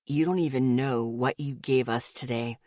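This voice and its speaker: Audiobook: woman voicing a protective young boyfriend, hushed and earnest, deeper than her own voice. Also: normal speed, dry recording, clean studio sound. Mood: tender. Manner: low, soft and intimate, often murmured. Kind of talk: audiobook character voice.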